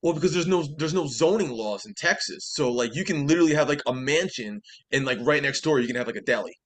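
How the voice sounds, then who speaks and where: A man co-hosting a podcast, telling a relaxed anecdote in casual chat. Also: medium pitch, quick pace. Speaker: podcast co-host.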